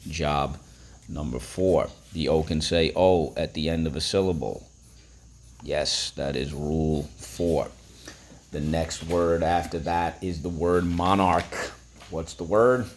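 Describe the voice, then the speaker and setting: Deep-voiced male phonics teacher. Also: fairly even intonation, takes it slowly, slight background noise. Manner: upbeat, drills syllables, prompts listeners to repeat. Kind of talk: phonics lesson.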